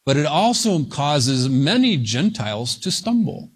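Guy preaching slow and careful, kinda high voice, hits single words hard. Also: sing-song, slightly rough. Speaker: pastor. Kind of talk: sermon, verse-by-verse Bible teaching.

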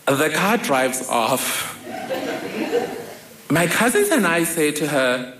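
A woman's voice: lowish voice, sing-song, takes it slowly, long pauses, fairly bright tone. A woman from Africa, telling a personal story on stage with wry, dry humor. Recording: roomy hall with faint noise.

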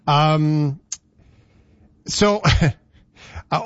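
A man's voice: fairly high pitch, very slow, pauses often, dry recording, highs cut off. A man hosting a casual radio-style show, joking playfully with his co-host.

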